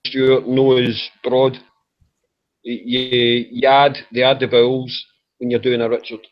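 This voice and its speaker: A Scottish man chatting loosely in an online group call, swearing freely and joking. His voice comes through an old, dull-sounding microphone, at a middling pitch. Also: little pitch movement, normal speed. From Scotland. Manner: swearing, joking, laughs at own stories. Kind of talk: casual group voice chat. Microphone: old computer mic.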